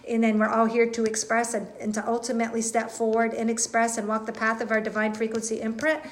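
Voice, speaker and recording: Woman host, slightly high voice, earnest and halting, live spiritual reading to viewers. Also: completely flat delivery. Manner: earnest, repetitive, halting with fillers and restarts. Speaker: intuitive reader and host.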